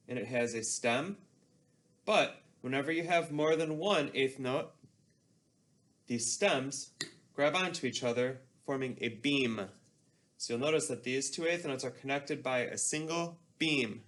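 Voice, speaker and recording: A man's voice: mid-range voice, a little slow, a bit bright. A man teaching a music class, explaining patiently and leading call-and-response chanting.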